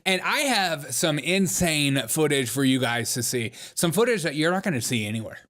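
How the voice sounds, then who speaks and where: A high, very bright male voice. He hosts a comedy commentary show and keeps a mocking, jokey tone, laughing as he goes. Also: animated, moderate pace.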